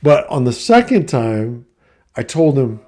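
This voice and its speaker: A man's voice: mid-range voice, sing-song, unhurried, a little mellow. A middle-aged man telling a story in a blunt, profane, casual rant. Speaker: vlogger and coach.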